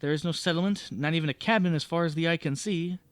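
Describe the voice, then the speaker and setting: A man's voice: on the high side, quick pace, clean tone, no echo. A man playing a solo tabletop game, reading the adventure aloud and often stopping to correct his own slips. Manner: self-correcting, stumbles and rereads words.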